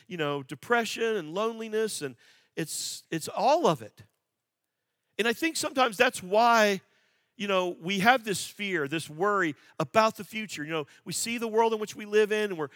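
High, bright-voiced male preacher. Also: no echo, clean studio sound. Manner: earnest, repeats phrases for emphasis, asks the congregation questions; swings from quiet and low to loud and emphatic. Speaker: pastor. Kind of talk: sermon.

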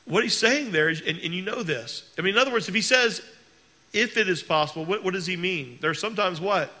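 A male pastor preaching a sermon in an earnest way, slowing down to stress key words. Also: high voice, pushed and bright.

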